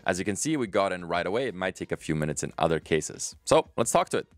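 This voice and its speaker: A male host giving a casual, energetic tech review straight to the viewer. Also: low-pitched, fast, no room sound. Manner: energetic, direct, talks to the viewer.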